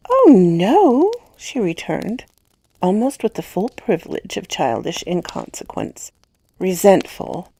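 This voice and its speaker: A woman narrating a classic ghost story in a measured, expressive reading with hushed passages. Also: lowish voice, vocal fry, no echo.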